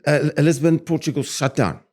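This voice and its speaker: This older South African property developer is being interviewed, his voice fairly high and his pace moderate. He tells stories with animated energy in quick, punchy bursts, often restarting and padding with fillers.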